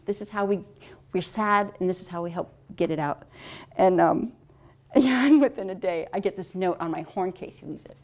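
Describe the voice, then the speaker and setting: A middle-aged woman, an author and adoptive mother, telling stories in a lively, casual way and laughing often. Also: medium pitch, moderate pace. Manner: animated storyteller, laughs often. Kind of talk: casual talk answering questions.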